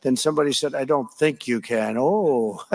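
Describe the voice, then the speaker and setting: A man's voice: medium pitch, normal speed, vocal fry, slight background noise. An older man speaking at a formal event, rambling with offhand asides. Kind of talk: public speech.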